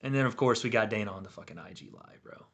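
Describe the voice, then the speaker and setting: A man hosting a livestream watch party, chatting casually and excitably, swearing freely as he reacts. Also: lowish voice, quick pace, gravelly. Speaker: livestream host.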